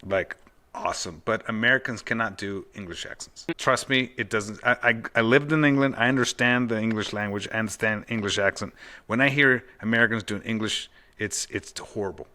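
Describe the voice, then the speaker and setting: A man's voice: fairly low pitch, fairly quick, sharp tone. A man hosting a podcast over a video call, talking in a loose, rambling way and calling his guest "dude" constantly. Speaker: podcast host. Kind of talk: casual chat.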